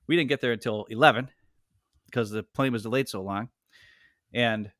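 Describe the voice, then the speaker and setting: A man in his forties, a podcast co-host telling a story in a casual, rambling, animated way. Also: medium pitch, no room sound, clean studio sound. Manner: rambling, animated, heavy use of "like".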